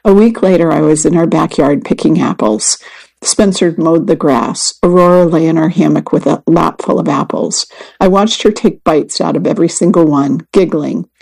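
A woman reading a first-person magazine story and article aloud in an even, measured way. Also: low-pitched, creaky, poor audio. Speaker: reader. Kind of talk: scripted narration of a magazine story.

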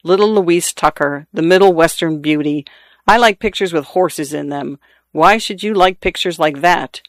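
A man's voice: fairly high pitch, moderate pace, fairly bright tone, no room sound, studio quality. A man playing a sullen, bitter husband. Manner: sullen, blunt. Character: bitter, idle husband, former athlete, drinking.

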